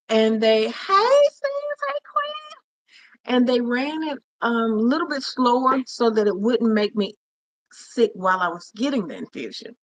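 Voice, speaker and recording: A woman hosting a casual livestream, chatting affectionately with viewers and calling them honey and cousin. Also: fairly high pitch. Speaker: livestream host. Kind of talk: casual live chat with viewers.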